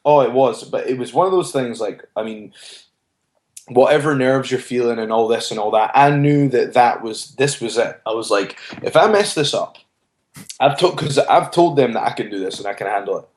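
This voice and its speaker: A man's voice: medium pitch, brisk, a little mellow. A man, a wrestler being interviewed, telling his story earnestly and often restarting his phrases. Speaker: wrestler guest. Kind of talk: casual interview chat. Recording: roomy echo.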